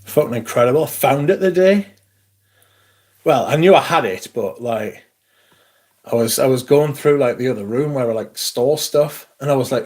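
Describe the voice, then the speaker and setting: A British man hosting a casual livestream, chatty and excitable, swearing freely as he talks to his viewers. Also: medium pitch, normal speed. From Britain. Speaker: livestream host.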